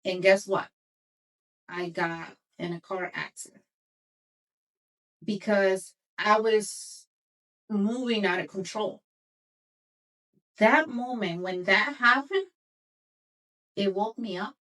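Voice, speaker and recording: A woman's voice: mid-range voice, slow, pauses often, fairly bright tone, recorded from a distance, rough recording. A middle-aged woman, a podcast host, earnestly telling a personal story and repeating words for emphasis.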